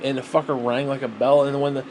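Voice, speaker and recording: A man's voice: medium pitch, level tone, fast talker, noisy background. A man ranting alone in a vlog, rambling and exasperated, swearing constantly. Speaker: vlogger. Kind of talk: solo rant to camera.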